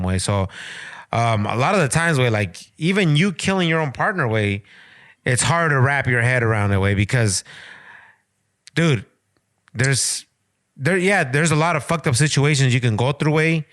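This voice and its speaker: A man's voice: medium pitch, lively intonation, moderate pace, fairly bright tone, no echo, studio quality. A man with a Mexican-American accent co-hosting a podcast, talking heatedly and mixing in Spanish. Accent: Mexican-American English. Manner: heated, slips between English and Spanish. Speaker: podcast co-host. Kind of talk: casual chat.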